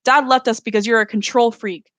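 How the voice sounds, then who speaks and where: A woman voicing an angry sixteen-year-old girl who argues with her mother, pleading and then shouting. The voice is close and dry. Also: fairly high pitch, fairly even intonation, a little fast, no room sound, lightly acted. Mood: furious.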